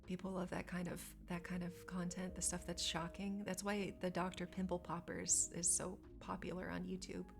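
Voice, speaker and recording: A young woman with a lowish voice and a gravelly edge, chatting casually with her live chat. She talks easily and turns squeamish at gross topics, with faint music in the background. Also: little pitch movement, normal speed, hardly any pauses. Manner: chatty, reads and answers chat, squeamish asides. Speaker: streamer.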